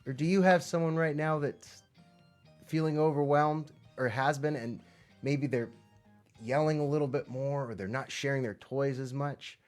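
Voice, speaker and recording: A man hosting a live music and movement lesson for children, chatting straight to the kids in an upbeat way and often dropping to soft, near-whispered asides. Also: medium pitch. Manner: swings from loud excitement to soft near-whispers. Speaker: children's music teacher and host. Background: faint background music.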